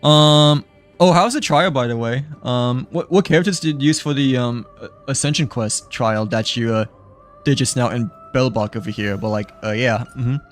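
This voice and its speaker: A man's voice: mid-range voice, moderate pace, soft background music. A young man chatting casually while streaming a game, rambling with lots of filler words and trailing off. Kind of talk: casual live-stream chat.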